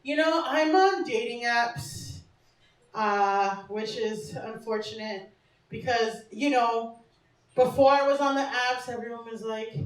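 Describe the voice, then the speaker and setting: A woman performs a stand-up set in a small, echoey bar, her fairly high voice far from the mic and her pace measured. She's brash and conversational, laughing at her own jokes while the crowd laughs along.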